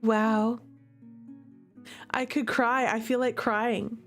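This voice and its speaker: High-voiced woman streamer reading aloud. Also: level tone, drawn-out words, pauses often. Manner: emotional, chatty, indignant on the character's behalf. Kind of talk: reading a visual novel aloud and reacting. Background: faint guitar music.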